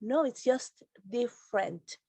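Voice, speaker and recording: Female host of an online teachers' meeting, higher pitch, dry close sound, explanatory. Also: expressive, slow pace, vocal fry, warm tone, dry recording. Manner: explanatory, reassuring. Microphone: video call.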